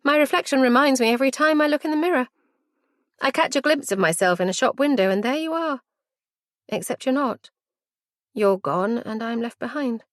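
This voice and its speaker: A woman reading a first-person story in a reflective, measured way. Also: on the high side, no echo, studio quality. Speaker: audiobook narrator. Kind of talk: first-person audiobook narration.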